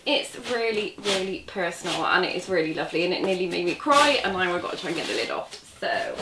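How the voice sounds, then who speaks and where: A woman chatting excitedly in a casual vlog, gushing as she unboxes a parcel, a little away from the camera. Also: fairly low pitch, fast talker, hardly any pauses, echoey room, noisy background. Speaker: crochet vlogger. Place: indoor room at a table. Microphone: camera set back from her.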